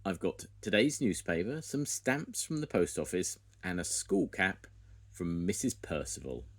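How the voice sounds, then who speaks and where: A man's voice: sits low, animated, a little slow. An older man reading a storybook aloud, voicing a pleased museum keeper listing his finds.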